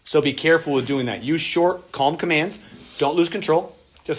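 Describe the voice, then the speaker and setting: A pastor with a voice on the high side, speaking at normal speed, teaches a church workshop on parenting in a casual, conversational style. Now and then he acts out the voices of kids and parents.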